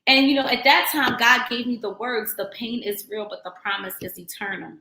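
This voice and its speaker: A woman's voice: on the high side, moderate pace, sharp tone, reverberant. A woman in her thirties hosting a radio show, speaking in an earnest, encouraging, conversational way about faith. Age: 30s. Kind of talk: heartfelt faith talk.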